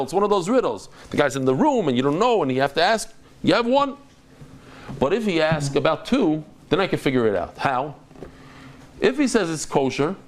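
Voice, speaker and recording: An animated man leads a Talmud class. His voice sits a little high for a man. He acts out the voices in the dialogue with big jumps in pitch. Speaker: Talmud teacher.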